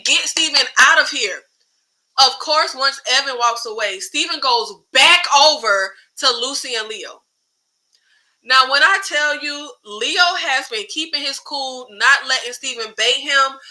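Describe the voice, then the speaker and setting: Sassy, high, bright-voiced woman. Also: poor audio. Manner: animated, sassy, acts out characters' lines. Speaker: show recap host. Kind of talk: casual TV recap commentary.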